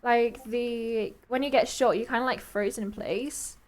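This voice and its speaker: A young woman caster chatting casually between matches, giggling often and trailing off mid-thought. Her voice sits a little high for a woman. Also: steady tone, measured pace. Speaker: esports caster.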